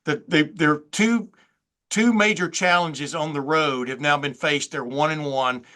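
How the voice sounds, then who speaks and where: A man's voice: on the high side, a little slow, pushed and bright. An older man hosting a casual football talk, folksy and rambling, sometimes stammering over his questions. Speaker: sports reporter host.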